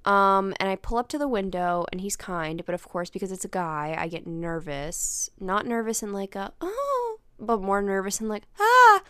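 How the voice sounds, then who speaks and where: A woman's voice: mid-range voice, normal speed, few pauses, fairly bright tone, smooth, dry recording. A young woman hosting a casual solo podcast, telling stories in a rambling, self-deprecating way and swearing casually. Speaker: podcast host.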